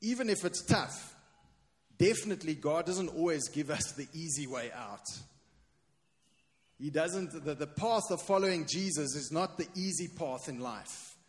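A man's voice: a little high, expressive, unhurried. A man preaching a sermon as pastor, emphatic and repeating his key refrain. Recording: long hall reverb.

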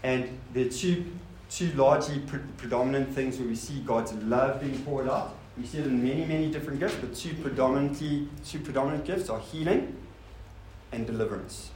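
A man's voice: medium pitch, a little fast, a little mellow. Man preaching in a roomy hall. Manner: rhetorical questions, informal asides to the congregation. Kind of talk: sermon. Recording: roomy hall sound with faint noise.

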